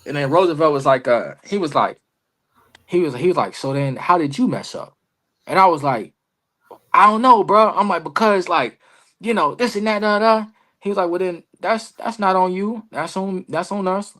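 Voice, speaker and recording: A young man talks through his wrestling stories on a remote podcast call, animated and full of street slang. His voice sits at an ordinary middle pitch for a man. He tells it loose and conversational, acting out the lines he quotes. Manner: animated, slangy, lots of "bro" and "you feel me". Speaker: wrestler guest. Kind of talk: casual interview storytelling.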